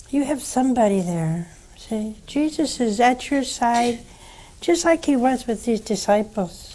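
Delivering a sermon and offering counsel to callers, this older woman is a nun who hosts a religious call-in show. She preaches earnestly and leans on rhetorical questions, in a slightly high, mellow voice.

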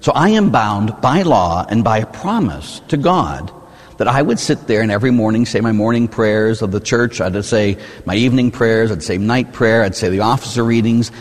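Lively priest preaching in a hall. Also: male voice, mid-range voice, a little fast. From United States. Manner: animated, rhetorical, tags with "huh?". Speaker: Catholic priest. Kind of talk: sermon. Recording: reverberant hall.

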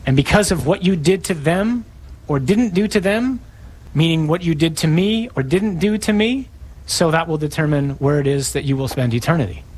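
A man delivers a sermon, his voice a little high and husky. He acts out the scripture lines with dramatic changes of tone, now quiet, now sharp. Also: moderate pace. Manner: dramatic, acting out scripture quotes with shifting tone. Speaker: preacher.

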